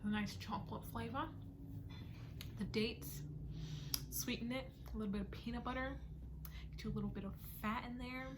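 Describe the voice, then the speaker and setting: A woman's voice: fairly high pitch, steady tone, normal speed, pauses often, background noise. A young woman chatting casually in a home vlog, playful and self-teasing, recorded on her phone, sometimes dropping to a whisper. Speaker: vlogger.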